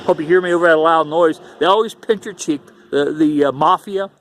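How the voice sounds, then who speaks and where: High-voiced man rambling on a vlog. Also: a little fast, a bit bright. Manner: rambling, repetitive storytelling. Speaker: YouTuber. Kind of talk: casual vlog monologue.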